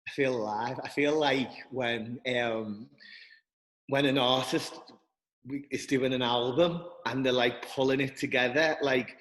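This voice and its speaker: A man speaking earnestly and haltingly as a guest, often restarting his sentences. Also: mid-range voice, fairly even intonation, fairly bright tone, in a large hall, low-quality recording. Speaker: guest, dance school director. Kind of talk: reflective interview talk.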